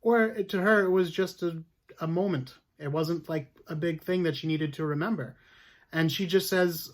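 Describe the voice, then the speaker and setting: A man hosts a history podcast, telling a story in a chatty, casual way with many fillers and restarts. His voice sits on the high side, and he talks at a normal speed.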